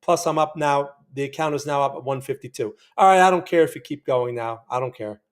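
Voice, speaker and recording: A man's voice: fairly high pitch, fairly quick. Chatty man calling live trades. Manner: emotional, talks to the chart while trading; chatty, keeps asking viewers to remember. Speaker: trading channel host. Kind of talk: live day-trading commentary.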